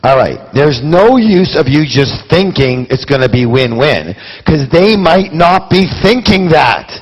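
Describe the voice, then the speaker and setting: A man's voice: a little high, sing-song, measured pace, slightly rough, big-room sound, low-quality recording. A man giving a live motivational seminar, quizzing his audience with rhetorical questions. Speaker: seminar speaker.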